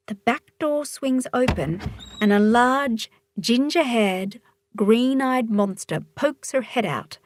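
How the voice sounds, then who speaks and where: A woman narrating a children's storybook in a calm, even read-aloud manner. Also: mid-range voice, dry recording, clean studio sound.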